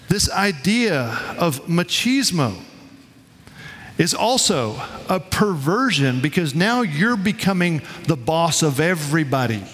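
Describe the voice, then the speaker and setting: A man preaching a sermon to his congregation in a relaxed, conversational way, telling stories and acting out quotes. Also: a little high, long reverb tail. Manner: conversational, storytelling with quoted voices. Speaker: pastor. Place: church sanctuary.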